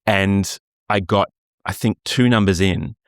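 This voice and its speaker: Very deep-voiced Australian man, easygoing. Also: measured pace, dry recording, clean studio sound. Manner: easygoing, self-mocking storyteller. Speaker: podcast co-host. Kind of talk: casual chat.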